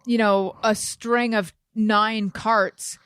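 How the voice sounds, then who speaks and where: A woman co-hosting a casual podcast, telling a story with animated, acted-out quotes. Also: medium pitch, extremely slow, clean tone, no echo, clean studio sound. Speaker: podcast co-host. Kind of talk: casual chat.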